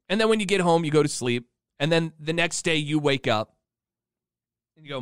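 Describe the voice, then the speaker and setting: Male host, casual rambling monologue, clear resonant voice, dry close sound. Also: on the high side, expressive, fairly quick, long pauses, no echo. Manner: rambling, chatty storytelling. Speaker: show host.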